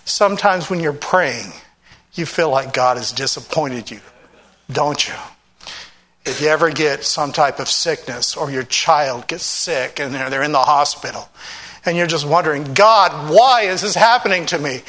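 A man preaching, with a bright, forceful edge to his voice and a somewhat high pitch. He tells his story with lively energy, laughing often and acting out what others said. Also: measured pace. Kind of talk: sermon storytelling.

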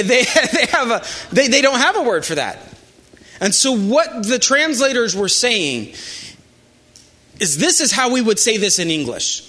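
A male pastor preaching a sermon in an animated, emphatic way with asides to the congregation. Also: high voice.

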